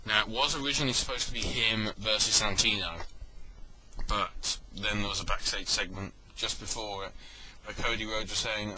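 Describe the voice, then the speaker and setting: A man's voice: lowish voice, steady tone, moderate pace, a crowd in the background, poor audio. A man giving a casual spoken review, rambling and correcting himself, with joking asides. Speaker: wrestling event reviewer.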